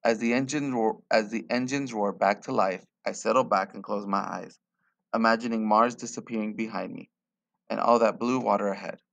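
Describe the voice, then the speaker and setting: A man reading a short story aloud in a quiet, measured way. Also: on the low side, fairly even intonation, vocal fry. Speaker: reader.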